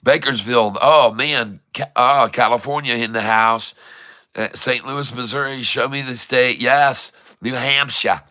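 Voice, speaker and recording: A man hosting a casual livestream, chatting warmly and reading out where viewers are from. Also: medium pitch, unhurried. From Michigan. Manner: chatty, reads out viewers' locations. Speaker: livestream host.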